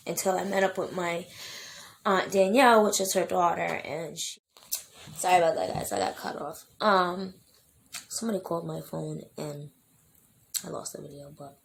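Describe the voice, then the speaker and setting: A woman's voice: on the low side, steady tone, normal speed, creaky, long pauses, a little hiss or hum. A young adult woman telling her own life story in a vlog, emotional and rambling, with many fillers and restarts. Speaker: vlogger.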